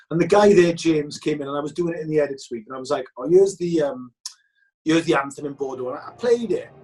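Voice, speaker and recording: A man, a film director telling stories in a casual interview, animated and chatty, with frequent restarts. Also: a little high. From Wales. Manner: animated, chatty, many restarts and re-enacted quotes.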